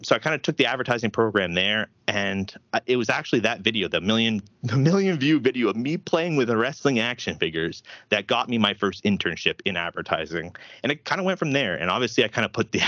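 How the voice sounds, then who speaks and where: Bright-voiced Canadian man chatting. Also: lowish voice, no room sound. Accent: Southern Ontario Canadian. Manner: rambling, filler-heavy, laughs often. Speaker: guest. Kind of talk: casual podcast chat. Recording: dull lo-fi audio.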